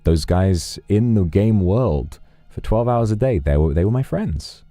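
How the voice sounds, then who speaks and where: A man's voice: lowish voice, expressive, a little slow, mellow, no echo, soft background music. A man streaming and chatting casually, reflecting in a rambling way with frequent restarts.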